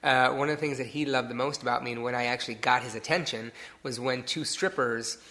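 A hairstylist from the Detroit area, USA, tells his story as a guest in a casual interview, acting out the people he quotes. His mid-range voice is steady, bright, and forceful, and he speaks fairly quickly.

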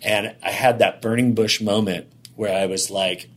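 A man telling a candid personal story as an interview guest, in long run-on sentences that act out the dialogue. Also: fairly low pitch. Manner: animated, rapid run-on sentences, acting out dialogue.

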